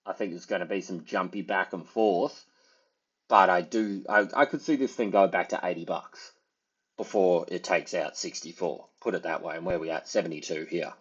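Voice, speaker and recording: Deep husky man, rambling trader talk. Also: dull audio. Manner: rambling, full of fillers and hedges. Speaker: trader giving market commentary. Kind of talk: casual market analysis over charts.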